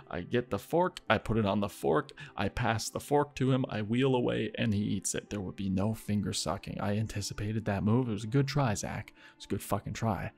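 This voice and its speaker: A man casually telling a story, swearing freely and acting out the people in it with sudden loud bursts. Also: on the low side, brisk, creaky, few pauses. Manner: animated, acts out quotes, heavy swearing.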